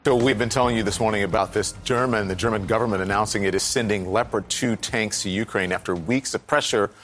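A man's voice: fairly low pitch, fast, a bit bright, a little hiss or hum. A man anchoring a morning news show, introducing stories and questioning a guest in a direct, conversational way.

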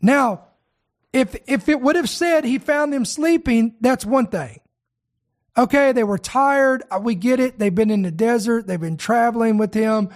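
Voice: medium pitch, measured pace. A preacher delivering a sermon, speaking earnestly, repeating key words for emphasis and addressing the listeners directly.

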